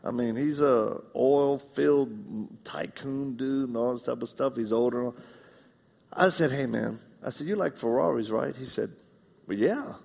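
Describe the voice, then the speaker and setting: A middle-aged man preaching a live sermon, animated and joking, acting out the voices in his stories. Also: medium pitch, a little slow, vocal fry. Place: church auditorium. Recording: long reverb of a large hall.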